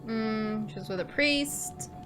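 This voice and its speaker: A woman's voice: fairly high pitch, slow, music in the background. A woman gaming streamer chatting and joking casually while playing. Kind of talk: casual let's-play commentary.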